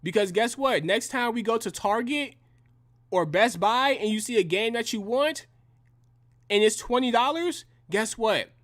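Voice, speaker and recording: Young man, heated profane rant, slangy, combative, high-pitched voice. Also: lively intonation, measured pace, a bit bright. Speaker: reaction commentator.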